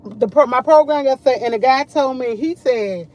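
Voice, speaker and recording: A middle-aged woman chatting casually to camera, full of animated retellings of what others said. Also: sits high, moderate pace. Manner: animated, quotes others a lot. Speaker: vlogger.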